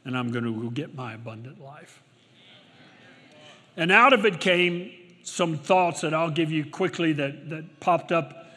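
A middle-aged male pastor preaching a sermon, swinging from loud exclamations to quiet storytelling, recorded in a large church auditorium. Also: fairly high pitch, unhurried. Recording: long hall reverb.

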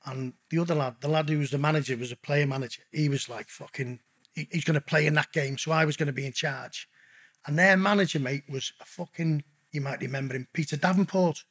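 A man's voice: fairly high pitch, fairly even intonation, a little fast, fairly bright tone, slightly rough. A middle-aged man telling stories as a podcast guest in a blunt, casual way, swearing constantly and calling the host mate. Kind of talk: casual storytelling interview.

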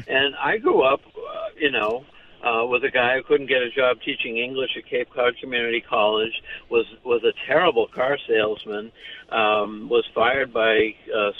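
An older man being interviewed about his life and writing, talking in a halting, wry way with many restarts. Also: medium pitch. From United States. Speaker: author and pediatrician, guest. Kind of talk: casual interview talk. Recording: tinny phone line.

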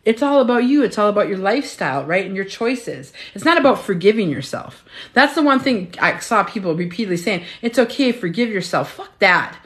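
A woman's voice: mid-range voice, sing-song, fairly quick, a bit bright. A middle-aged woman coaching live on a stream, emphatic and chatty, repeating her points and swearing freely. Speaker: health and weight-loss coach. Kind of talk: motivational live stream talk.

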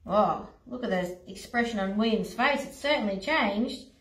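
A woman leading an online playgroup. She reads a picture book aloud and adds gentle explanations for parents. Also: mid-range voice, moderate pace. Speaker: early-years playgroup leader. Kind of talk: reading a picture book aloud to young children. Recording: roomy echo, voice from a distance.

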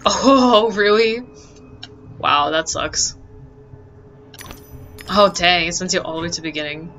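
Bright-voiced gamer, easily frustrated. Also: medium pitch, unhurried, soft background music. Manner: exclaims often, easily frustrated, self-deprecating. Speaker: let's play gamer. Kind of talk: casual gameplay commentary.

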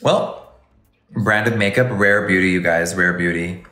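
A man's voice: low voice, measured pace, pushed and bright, echoey room, faint music behind. A man doing a casual live makeup review, gushing and exclamatory and calling viewers baby and honey. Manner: gushing, exclamatory, campy endearments. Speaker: makeup livestreamer.

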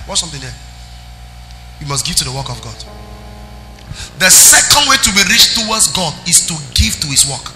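A man preaching a sermon as pastor, emphatic, with sing-song rises and sudden soft drops. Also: fairly high pitch, big pitch swings, moderate pace, long pauses. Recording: echoey hall with music underneath.

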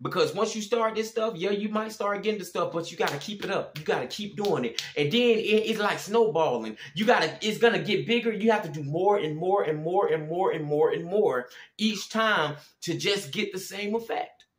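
A man preaching with passion, pleading with listeners and rising to shouts. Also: sits high, expressive, moderate pace, echoey room. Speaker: Christian preacher. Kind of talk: impassioned preaching.

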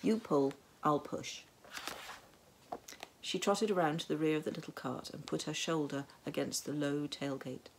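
A woman narrating a storybook tale in a measured, wry way. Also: low voice, vocal fry, slight background noise. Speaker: audiobook narrator.

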